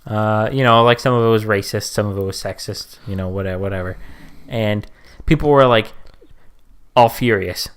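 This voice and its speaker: Animated man chatting on a podcast. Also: moderate pace, smooth. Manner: animated, jumps up in pitch for mocking quotes. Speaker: podcast co-host. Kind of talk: casual chat.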